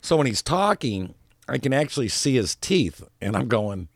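A man's voice: mid-range voice, very animated, normal speed, dry recording, clean studio sound. A man co-hosting a casual chat show who rambles through stories, laughs often and trips over his words. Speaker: co-host. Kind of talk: casual radio-style chat.

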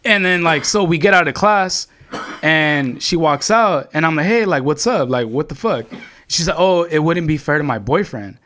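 A man's voice: a little high, animated, moderate pace, a bit bright, slight background noise. A young man telling a long story to his friends in casual chat, rambling and swearing, with lots of filler words.

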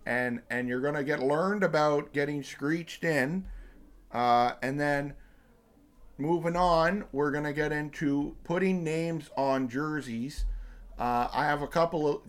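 A man's voice: fairly high pitch, measured pace. A man in his thirties hosting a podcast, chatting casually with lots of ums and uhs and the odd swear. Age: 30s. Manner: rambling, profane, many fillers. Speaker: podcast host. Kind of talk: casual chat.

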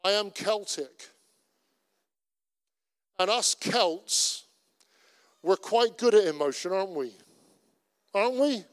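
This middle-aged Cornish pastor, with his Cornish English accent, preaches slowly and animatedly in a high voice, pausing often. The sermon is earnest and conversational with plenty of repetition, and long church-hall reverb follows each phrase.

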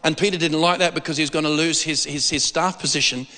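A man preaching with a high, bright, forceful voice. He rambles and jumps into the voices of the people he quotes. A long reverb from a large hall trails every phrase. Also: steady tone, fast talker. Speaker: pastor. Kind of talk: sermon.

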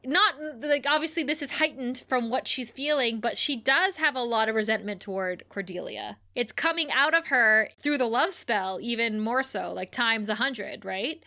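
A woman co-hosting a podcast, recapping a TV episode in casual chat with animated storytelling and frequent laughs. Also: fairly high pitch, normal speed, hardly any pauses. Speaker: podcast co-host.

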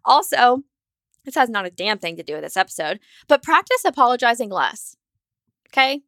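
A woman's voice: on the high side, big pitch swings, fairly bright tone, no room sound, studio quality. Fired-up woman hosting a podcast. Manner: fast, fired-up and candid, with casual swearing; acts out her own anxious inner voice. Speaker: podcast host. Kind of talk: solo podcast monologue.

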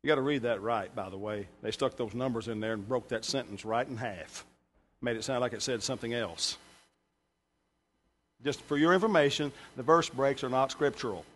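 In a church sanctuary, a male pastor with a mid-range voice preaches at a moderate pace. His sermon is emphatic, with joking asides to the congregation, and he bursts louder for scripture and punchlines.

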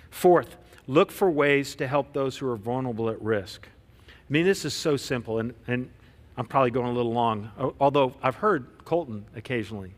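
A man preaching a sermon as pastor, telling stories conversationally with frequent restarts. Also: mid-range voice. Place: church sanctuary. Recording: long reverb of a church hall.

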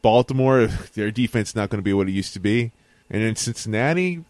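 A man's voice: on the low side, expressive, a little fast, darkish tone, no echo. A young man co-hosting a podcast, chatting casually and pushing back defensively, with some swearing. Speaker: podcast co-host. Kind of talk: casual chat.

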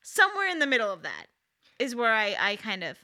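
Wry bright-voiced woman in her thirties. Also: fairly high pitch, wildly swooping pitch, fairly quick. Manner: candid, wry and self-deprecating. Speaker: podcast co-host. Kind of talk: casual chat.

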